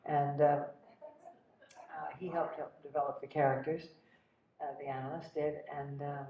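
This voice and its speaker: An older actress telling animated stories about her career in a casual interview. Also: low voice, measured pace, slight background noise. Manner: animated, breathless anecdotes with laughs. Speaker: guest actress. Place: cinema. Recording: roomy, distant, dull sound.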